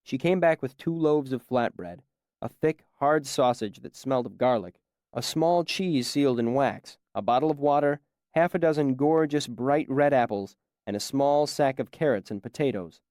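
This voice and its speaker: Male audiobook narrator, measured first-person storytelling, dry studio sound. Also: medium pitch, a little mellow, no room sound.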